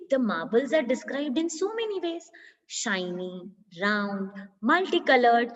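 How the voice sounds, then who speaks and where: A woman teacher with an Indian English accent explaining punctuation in a primary school grammar lesson, slow and patient, often asking if the class follows. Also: medium pitch. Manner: slow, patient, asks for agreement. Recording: dull lo-fi sound with long reverb.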